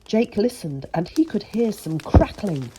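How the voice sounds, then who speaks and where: A woman reading a children's picture book aloud, expressive and chatty with asides. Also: mid-range voice, measured pace, very noisy. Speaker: storyteller.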